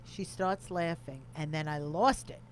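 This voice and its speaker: A woman's voice: deep voice, unhurried. A middle-aged woman, a podcast co-host, telling brash stories in a casual chat and laughing easily.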